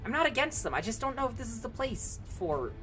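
A young woman streaming a game live, animated and laughing as she banters with her chat and an AI companion. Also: a little high, brisk, over music.

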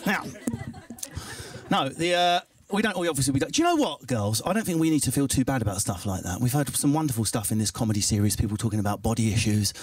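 A man doing an energetic stand-up comedy set, full of jokes and silly put-on voices. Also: medium pitch, fast, breathy edge. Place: comedy gig before a live audience. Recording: distant mic with audible noise.

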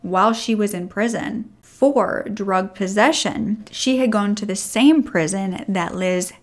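A woman telling a true crime story from a script. She keeps a measured, somber pace, laying out the facts of the case in an even, middle-pitched voice.

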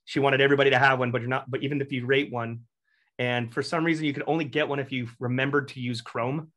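A young man from Texas, a Marine veteran guest, telling a long anecdote in a casual, animated and profane way. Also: medium pitch, fast talker. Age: young adult. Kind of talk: casual storytelling.

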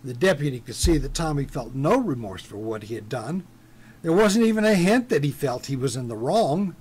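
A man's voice: mid-range voice, lively intonation, normal speed, darkish tone, slightly rough. A male pastor reading a story aloud during a sermon, acting out the characters. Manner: reads a story aloud with voices.

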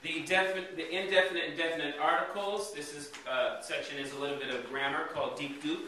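Recorded from far off in a room full of echo, this male Hebrew teacher quizzes his students and tags every point with "okay?" to make sure they understand. His voice is on the high side and sharp, steady in tone and fairly quick. There's slight background noise.

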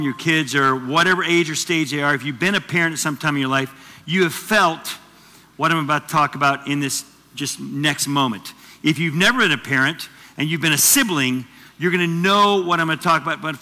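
A man preaching a sermon as teaching pastor, animated and conversational, with asides to the congregation. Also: on the high side, long reverb tail. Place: church auditorium.

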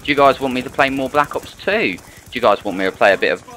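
Rambling guy with a bright, forceful voice. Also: mid-range voice, lively intonation, fast, a little hiss or hum, rough recording. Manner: rambling, chatty, full of rhetorical questions. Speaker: gaming channel host. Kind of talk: gameplay commentary.

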